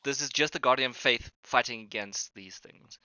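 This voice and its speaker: A man's voice: medium pitch, moderate pace, sharp tone, clean tone, no echo, lo-fi sound. A man acting as game master in a tabletop game over voice chat, talking hesitantly with many ums and restarts.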